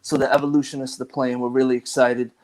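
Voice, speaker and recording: A man's voice: mid-range voice, little pitch movement, fast talker, a little mellow, low-quality recording. A man with a thick Boston accent, a guest musician talking casually, rambling and laughing easily. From Lowell, Massachusetts. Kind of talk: casual chat.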